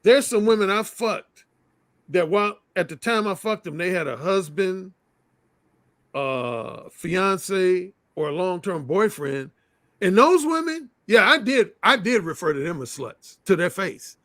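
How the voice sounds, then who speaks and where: A man's voice: sits high, lively intonation, measured pace, fairly bright tone, no echo. A man telling frank, blunt stories as an interview guest in casual conversation.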